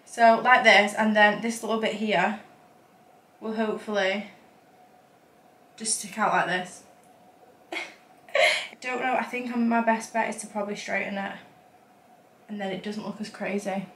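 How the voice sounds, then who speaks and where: A young woman vlogger with a mid-range, fairly bright voice talks a little slowly, with fairly even intonation and long pauses. She's chatty, giggly and self-deprecating while trying on outfits and doing her makeup for a get-ready-with-me vlog. The camera sits nearby in a room at home, which sounds echoey with slight background noise.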